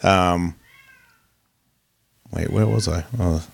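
A podcast host with a low, gravelly voice talks extremely slowly in a fairly even tone. He chats casually from his home studio, rambling, swearing, and getting sidetracked easily, with a pet cat nearby.

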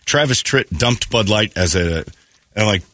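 A man's voice: fairly low pitch, animated, moderate pace, a bit bright, dry recording, studio quality. A man hosting a morning radio show, chatting casually and slipping into mocking quoted voices.

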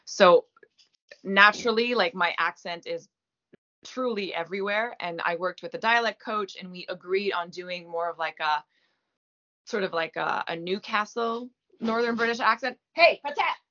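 Woman, native French speaker, from Quebec, self-deprecating, forceful tone, lo-fi sound. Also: mid-range voice, normal speed. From Gaspé, Quebec, Canada. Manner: chatty, self-deprecating, many fillers. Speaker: guest actress. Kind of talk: casual interview chat. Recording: muffled lo-fi audio.

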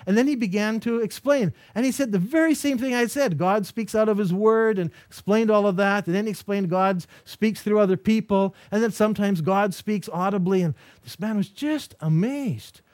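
High-voiced man lecturing, story by story. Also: normal speed, hardly any pauses, no room sound, clean studio sound. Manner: animated, acts out the voices in his stories.

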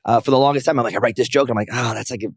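A man's voice: mid-range voice, rapid-fire, breathy edge, no room sound, studio quality. A man, a professional wrestler, telling stories in a casual interview, jumping into raised voices to act out what others said. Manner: animated, acts out quotes in raised voices. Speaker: wrestler and comic, guest.

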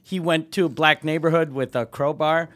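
A man's voice: on the high side, steady tone, moderate pace, fairly bright tone. A man, a comedian guest on a podcast, teasing and swearing in casual banter, often laughing mid-sentence. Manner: mocking, profane, laughs through lines.

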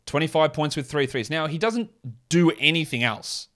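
A man's voice: fairly high pitch, animated, normal speed, fairly bright tone. Blunt sarcastic man hosting a podcast. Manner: blunt, sarcastic, swears casually. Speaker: fantasy basketball podcast host. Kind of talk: solo sports podcast with ad read.

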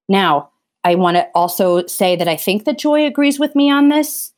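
A woman's voice: mid-range voice, expressive, normal speed. A woman speaking as an interview guest, talking earnestly and with passion, often restarting her sentences. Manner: impassioned, emphatic, frequent restarts. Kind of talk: earnest conversational interview talk.

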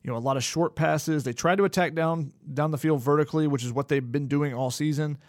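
A man with a voice on the high side speaks quickly in studio-quality audio with no room sound. As a sports podcast co-host, he breaks down plays in detailed, analytical fashion, occasionally repeating words.

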